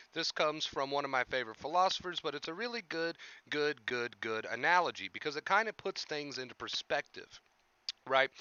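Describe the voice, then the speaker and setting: A man's voice: fairly high pitch, pushed and bright, clear, resonant tone, no room sound, highs cut off. A young man hosting a casual livestream, chatting with viewers and coaching them on anxiety, often repeating his phrases. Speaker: livestream host talking about anxiety.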